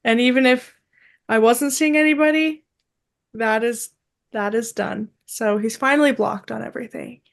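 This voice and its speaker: A young woman co-hosting a podcast, chatting casually and telling a story with lively acted-out quotes. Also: fairly high pitch, moderate pace, gravelly. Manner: animated storyteller, acts out quotes. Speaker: podcast co-host. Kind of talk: casual chat.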